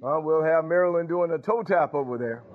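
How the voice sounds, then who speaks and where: A man's voice: on the high side, a little fast, phone-quality sound. A man preaching a sermon, calling out to the congregation and breaking into sung lines.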